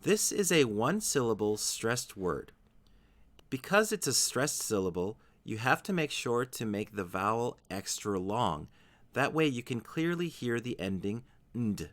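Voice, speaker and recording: A man teaching English vocabulary in a scripted lesson, saying each example word slowly and carefully. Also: mid-range voice, sing-song, a bit bright. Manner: slow, careful pronunciation of example words.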